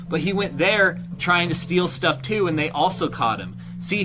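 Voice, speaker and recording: A young man streamer telling a story casually, swearing and acting out quotes. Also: fairly high pitch. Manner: animated, swearing, acts out quotes with laughs.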